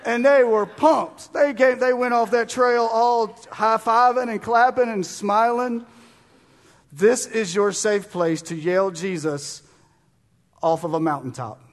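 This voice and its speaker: Male pastor, high voice, fervent and urging sermon delivery, long hall reverb. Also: steady tone, slow pace. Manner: fervent, urging, with sudden loud bursts and quiet drops. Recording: long reverb of a large room.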